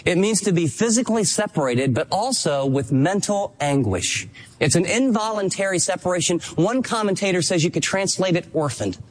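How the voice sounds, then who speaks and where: A man's voice: high-pitched, expressive, moderate pace. A man preaching a sermon as pastor, earnest and emphatic, acting out quoted dialogue.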